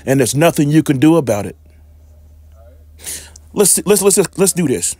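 A man's voice: a little high, a little slow, slightly rough, no room sound. A man preaching a fired-up sermon on his channel, emphatic and repetitive, with sudden profane outbursts. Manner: excited, emphatic, repeats himself.

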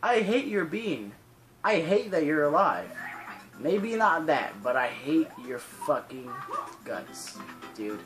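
A teen gaming channel host commentates a let's play, breaking into frustrated rants full of swearing. The voice is mid-range, sing-song, slow, and a bit bright, with faint music behind and poor audio.

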